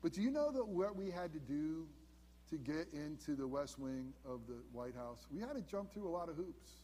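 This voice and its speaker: A man in his fifties preaching a sermon as pastor, earnest, dropping to hushed emphasis on key points. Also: on the high side, expressive, moderate pace, big-room sound, slight background noise. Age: 50s. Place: church sanctuary.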